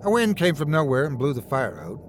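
A man narrating a horror story in a measured, dramatic way. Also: on the high side, huge pitch swings, faint music behind.

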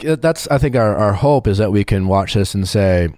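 A male podcast host with a somewhat low voice asks questions and reflects on his own experiences, often restarting his sentences. The sound is close and dry. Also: lively intonation, warm tone, no echo. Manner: reflective, halting, with fillers. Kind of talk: podcast conversation.

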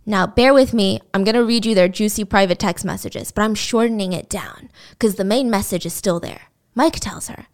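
A woman's voice: mid-range voice, normal speed, few pauses. A woman casually telling a gossipy story to her viewers, with chatty asides.

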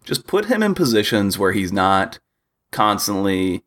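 A man's voice: on the low side, sing-song, a little slow, fairly bright tone. A young man co-hosting a casual sports podcast, rambling with lots of fillers and restarts. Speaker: podcast co-host.

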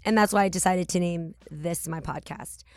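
A woman's voice: fairly low pitch, moderate pace, a little mellow, no room sound, soft background music. Chatty woman in her forties hosting. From San Francisco Bay Area. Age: 40s. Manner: chatty, candid, casual slang and swearing. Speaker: podcast host. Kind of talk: casual podcast monologue.

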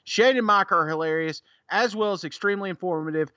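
A man's voice: high voice, a little fast, bright, forceful tone, dry recording, lo-fi sound. A man co-hosting a casual podcast, joking, laughing often and reading listener reviews aloud. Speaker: podcast co-host.

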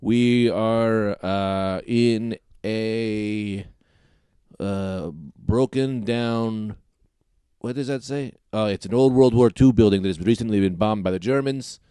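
A man hosting an improv comedy chat, setting up scenes in a rambling, halting way. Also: on the low side, mellow, clean tone, no room sound, clean studio sound. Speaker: comedy podcast host, sets up scenes.

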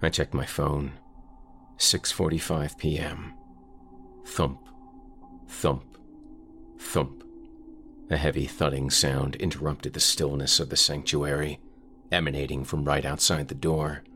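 Male horror-podcast narrator, very low and gravelly, slow and ominous. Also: level tone, pushed and bright, faint music behind.

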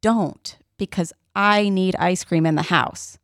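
A woman's voice: on the low side, steady tone, slow pace, dry recording, clean studio sound. A woman co-hosting a podcast, chatting casually and acting out quoted voices as she tells stories. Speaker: podcast co-host. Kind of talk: casual chat.

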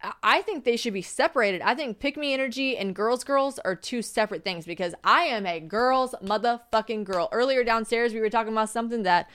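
Young woman telling animated stories. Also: on the high side, brisk, few pauses, clear, resonant tone. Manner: animated storytelling, acting out quotes, frequent swearing. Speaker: podcast host. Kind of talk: casual chat.

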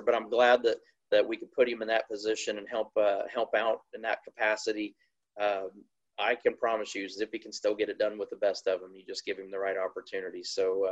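A man from Indiana, a team owner and former racer, telling racing stories in a casual, animated, plainspoken way. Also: lowish voice, muffled recording. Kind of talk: casual storytelling interview.

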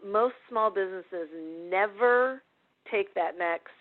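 An interview host who asks unhurried questions and gives short affirmations. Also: medium pitch. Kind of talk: interview hosting. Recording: tinny phone-like line.

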